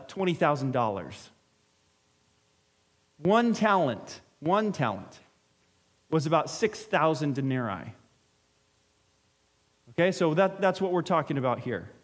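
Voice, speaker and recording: Man, pastor, high-pitched voice, casual explaining sermon, everyday examples. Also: animated, slow, long pauses. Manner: conversational, explains with everyday examples and acted-out quotes.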